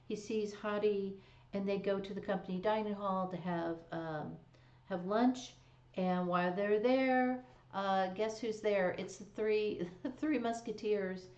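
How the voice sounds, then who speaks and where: On an echoey, dull, lo-fi live stream, a woman recaps a drama in relaxed chat full of fillers and laughs. Her voice is mid-range and slightly mellow, with fairly even intonation and a measured pace.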